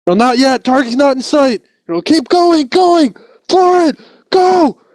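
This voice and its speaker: A man voicing panicked soldiers yelling orders to each other in a speeding armored vehicle during a tabletop game. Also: extremely high pitch, measured pace, dry recording, clean studio sound, voice pushed up. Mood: frantic shouting. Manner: frantic, yelled orders.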